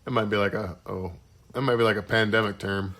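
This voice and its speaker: A man's voice: fairly low pitch, fairly even intonation, fairly quick, fairly bright tone. A young man co-hosting a podcast, telling rambling stories in casual chat and swearing freely. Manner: rambling storyteller, swears often. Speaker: podcast co-host.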